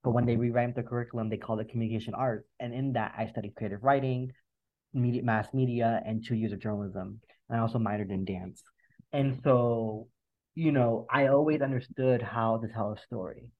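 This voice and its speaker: A man's voice: mid-range voice, fairly even intonation, a little fast, phone-quality sound. A man as a podcast guest, talking in an earnest, reflective way and often repeating words as he gathers his thoughts. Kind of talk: emotional interview conversation.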